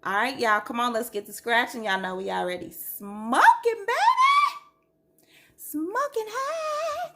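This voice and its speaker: A woman's voice: medium pitch, vocal fry, bright, forceful tone. A woman chatting casually to viewers while scratching lottery tickets and reading numbers aloud. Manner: chatty, slow and drawn-out, reads numbers aloud.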